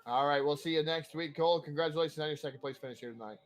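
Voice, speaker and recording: A fairly high-voiced man runs the post-race interviews for an online racing broadcast. He talks in an upbeat, hurried way and sounds slightly winded.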